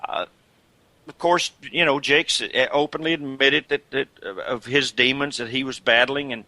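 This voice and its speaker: An older man in a casual interview, chatting in an animated way about his career and breaking into imitations and laughs as he tells stories. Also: mid-range voice, moderate pace, no room sound. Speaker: guest, retired wrestler.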